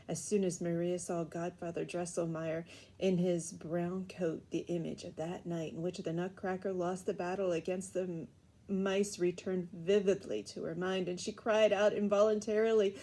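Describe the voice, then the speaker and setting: A woman reading a classic storybook aloud at a steady pace, with small stumbles. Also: on the low side, measured pace. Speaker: reader.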